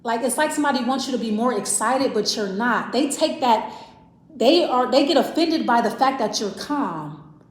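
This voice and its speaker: Woman tarot reader, casual and rambling, higher voice, roomy echo. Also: lively intonation, normal speed. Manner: rambling, thinking aloud with restarts and self-repeats. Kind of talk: casual tarot reading to camera. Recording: echoey room.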